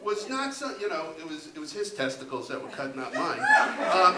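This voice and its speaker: A man in his fifties doing a stand-up set, halting and full of ums and repeated words, recorded in a club with audience laughter. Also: high-pitched, very animated. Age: 50s. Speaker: stand-up comedian. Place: comedy club stage. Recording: roomy club sound from a distance with loud crowd.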